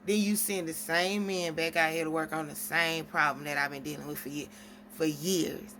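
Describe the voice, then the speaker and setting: A woman's voice: low-pitched, steady tone, moderate pace, fairly bright tone, a little hiss or hum. A woman venting at length in a casual vlog, rambling through stories with quoted exchanges. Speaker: single mom vlogger.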